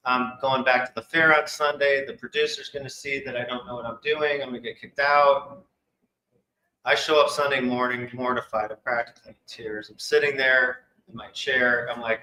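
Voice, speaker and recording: A man with a bright, forward voice tells an animated personal story to a live audience and slips into the voices of the people he quotes. He sounds like he is in a roomy hall with clear echo. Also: medium pitch, normal speed. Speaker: psychic medium speaker. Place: expo hall.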